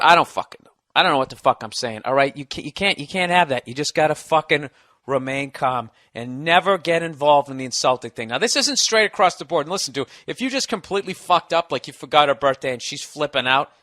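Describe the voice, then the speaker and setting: Male podcast host, forceful bright voice, foul-mouthed riffing advice, dry close sound. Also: medium pitch, dry recording. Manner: profane, riffing and emphatic. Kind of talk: comedic advice rant.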